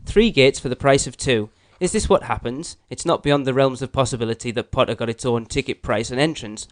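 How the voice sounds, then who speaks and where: A man's voice: mid-range voice, fairly quick. A man co-hosting a casual podcast, joking and reading listener emails aloud. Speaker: podcast co-host.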